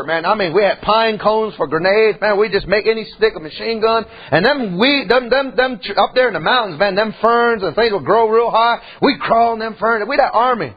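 Husky high-voiced folksy preacher man. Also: lo-fi sound. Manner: folksy, conversational preaching with frequent "man" and "amen". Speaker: pastor. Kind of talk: sermon.

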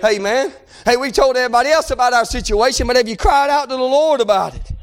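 Speaking fast in a clear, resonant tone, this preacher gives an impassioned sermon. His folksy, informal wording moves from shouted pleas down to hushed, quiet stretches.

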